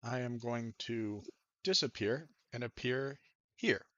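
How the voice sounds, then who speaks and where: A man of middling pitch plays a tabletop game, talking through his moves in an easygoing, casual way. The recording is dull and dry, lo-fi with no room sound. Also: slow pace, a bit bright, dry recording. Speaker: player.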